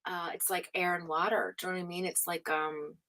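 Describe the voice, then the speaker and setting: A woman hosting a live tarot stream, chatting casually, reading out viewer comments, laughing often and slipping into hushed asides. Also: on the low side, little pitch movement, a little fast.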